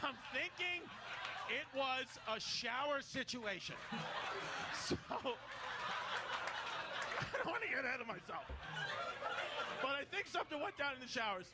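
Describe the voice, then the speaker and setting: A man telling a profane, animated story as a stand-up comedian, often laughing through his lines. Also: very high-pitched, measured pace, long pauses. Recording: loud noisy stage recording.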